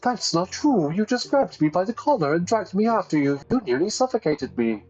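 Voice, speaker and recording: A man's voice: high-pitched, big pitch swings, fairly quick, a little mellow, muffled recording, pitched above the performer's own voice. A man voicing a frightened, hungover young man who protests in a whiny voice. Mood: protesting.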